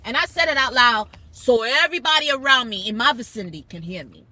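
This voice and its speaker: A woman's voice: on the high side, fast talker, no echo. A woman from Brooklyn with a New York accent, hosting a casual family chat in a car and telling stories with emphatic energy and acted-out quotes. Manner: animated storyteller, acting out quoted people, emphatic. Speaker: podcast host. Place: car on a school commute.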